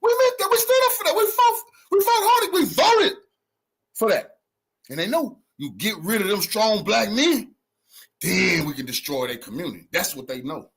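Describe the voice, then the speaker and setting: A man hosting a livestream who reacts to clips in heated, profane commentary and preaches to his viewers. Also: moderate pace. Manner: animated, profane, preachy, with swooping pitch.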